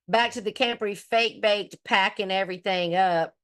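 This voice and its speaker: A woman's voice: mid-range voice, steady tone, unhurried, smooth. Blunt, foul-mouthed middle-aged woman. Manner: blunt, profane, trash-talking. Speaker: host. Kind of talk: casual commentary chat.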